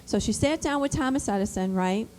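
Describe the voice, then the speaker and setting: A woman giving an emphatic, animated motivational talk to mothers, built around personal stories. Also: on the high side, a little fast, slight background noise, low-quality recording. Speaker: speaker addressing mothers. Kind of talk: motivational storytelling speech.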